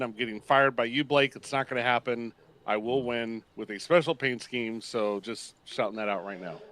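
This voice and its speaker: Man, race color commentator, joking teasing banter, bright forceful tone, middle pitch. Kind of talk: sim racing broadcast commentary.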